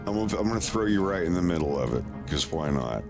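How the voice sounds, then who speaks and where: A man's voice: sits low, animated, fast, over music. A man streaming and casually commenting with wry, playful remarks while watching videos.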